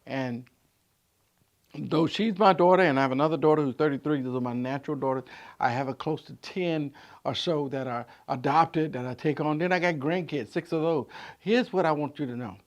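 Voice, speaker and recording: Older male pastor, slightly high voice; folksy vlog preacher who surges loud, then drops low and soft. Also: normal speed. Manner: preacherly, swings from loud emphatic peaks to soft low asides; conversational with stammered restarts. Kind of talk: midweek vlog sermon.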